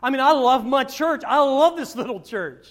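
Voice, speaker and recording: A male pastor preaching a sermon, telling personal stories in a rambling way, repeating words and swinging from loud to hushed. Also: extremely high pitch, lively intonation, normal speed.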